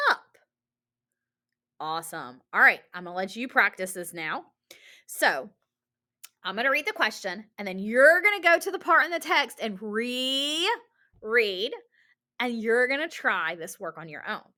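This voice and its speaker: A woman teacher giving a recorded reading lesson to children in an animated, encouraging way, asking lots of rhetorical questions. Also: on the high side, measured pace, pauses often.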